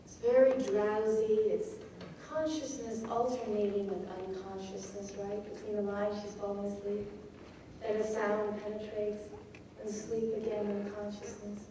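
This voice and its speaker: A woman giving a poetry lecture, measured and often checking in with her audience. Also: mid-range voice, level tone, distant mic, background noise. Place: lecture hall. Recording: echoey hall recorded from afar.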